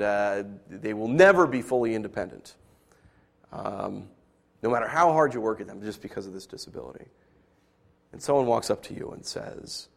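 A man preaching a sermon, acting out quoted voices and swinging from loud outbursts to quiet asides. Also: mid-range voice, creaky. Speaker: pastor.

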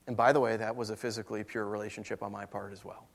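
A man preaching a sermon, telling a personal story in an emotional way that swings between hushed and raised. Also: lowish voice, level tone, racing, creaky.

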